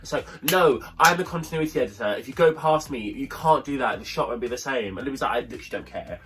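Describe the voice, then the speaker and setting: Speaking fast in a mid-range voice, this young review-show co-host spins a lengthy anecdote during relaxed banter. He animates it by performing the voices of each person involved.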